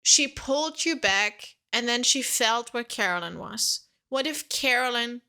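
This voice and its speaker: A woman co-hosting a casual podcast, excitedly telling stories about playing a game and laughing often. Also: on the high side, measured pace, clean tone. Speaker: podcast co-host.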